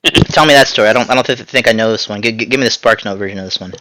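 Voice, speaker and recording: Fast-talking joking man. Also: on the low side, no room sound, low-quality recording. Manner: joking, animated storytelling with sound effects. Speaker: podcast host. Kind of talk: casual chat.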